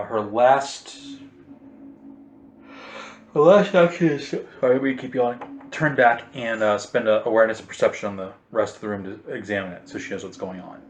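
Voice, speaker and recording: A man's voice: on the low side, slight background noise. Game master man in an echoey room. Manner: steady, explains rules and narrates action. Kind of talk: running a tabletop game.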